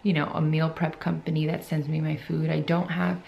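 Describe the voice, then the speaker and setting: A woman's voice: low voice, little pitch movement, a little fast, creaky, dull audio, a little hiss or hum. A young woman vlogging casually to camera about her fitness competition, chatty and emotional.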